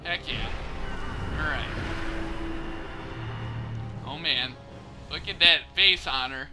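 A man's voice: fairly high pitch, slow. A man giving casual let's play commentary, joking and swearing at the character on screen. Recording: game music loud behind voice.

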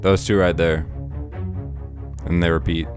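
A man's voice: deep voice, level tone, measured pace. A man explaining his music production steps in a casual tutorial voice-over. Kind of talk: screen-recorded production tutorial.

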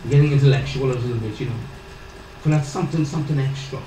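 A woman's voice: very deep voice, quick pace. Woman preaching in an echoey hall. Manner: call-and-response with the congregation, swinging from loud to hushed; colloquial, repetitive, emphatic. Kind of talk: sermon. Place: church or ministry hall. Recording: echoey hall, distant mic, background noise.

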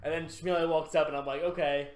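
A young man with a slightly high voice telling a gaming story on a podcast, excitable and swearing freely. The recording is roomy and echoey with a faint hiss underneath. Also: fast talker. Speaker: podcast co-host. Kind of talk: casual chat. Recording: echoey room with faint noise.

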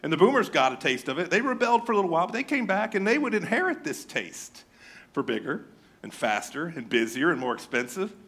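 A man preaches in an animated, joking way. His voice sits a bit high and swings widely in pitch as he teases his listeners and plays out what they might say. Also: quick pace, breathy edge. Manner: animated, joking, mimics his congregation in raised voice. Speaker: pastor. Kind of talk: sermon.

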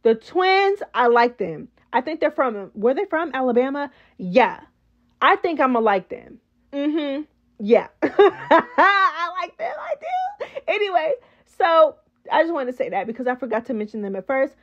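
High-voiced chatty woman recapping reality TV. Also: normal speed, dull audio. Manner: chatty, slangy, animated, addresses viewers as girl. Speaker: reality show recap host. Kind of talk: casual recap commentary.

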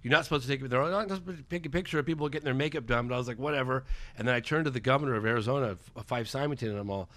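A man in his forties, a documentary filmmaker, telling a story as a podcast guest and acting out the dialogue in a lively way. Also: medium pitch, no echo. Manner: lively, acts out quoted dialogue, fast and excitable. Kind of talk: animated storytelling in a podcast interview. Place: podcast studio.

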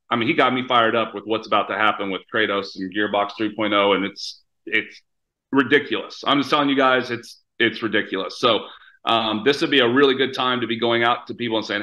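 A man's voice: medium pitch, pushed and bright, low-quality recording. Hyped-up American man hosting a call. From United States. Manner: upbeat, hyped, many fillers. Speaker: host of a company call. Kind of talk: casual webinar hosting.

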